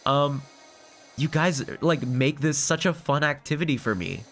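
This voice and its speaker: A man's voice: on the high side, lively intonation, normal speed, a little hiss or hum. A young man, a teacher, chatting earnestly on a live game stream, laughing and getting emotional as he thanks his viewers. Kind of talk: casual live-stream chat.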